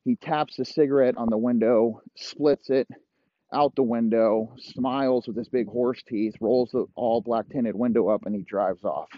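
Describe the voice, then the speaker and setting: A young man hosting a comedy podcast, rambling through a crude, profane made-up story and dropping into low mock voices for the characters. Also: fairly even intonation, unhurried, warm tone, dry recording. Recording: dry, muffled lo-fi audio.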